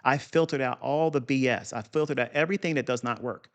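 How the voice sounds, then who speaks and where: Blunt gravelly man teaching trading. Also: medium pitch, fast talker, a bit bright. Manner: blunt, profane, boastful, asides. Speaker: trading educator. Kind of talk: unscripted chart walkthrough.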